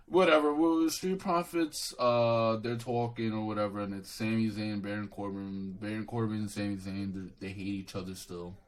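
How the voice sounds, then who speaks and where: A young man with a somewhat low voice talks through a recap on his own channel. He rambles, stumbles over restarts and swears freely. His tone stays dismissive and offhand throughout. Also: low-quality recording. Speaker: wrestling show reviewer. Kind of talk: casual solo review rant.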